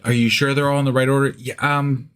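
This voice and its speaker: A man's voice: medium pitch, fast, smooth. A man co-hosting a podcast, chatting casually and rambling with lots of fillers. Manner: rambling, many fillers, animated. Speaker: podcast co-host. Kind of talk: casual comedic chat.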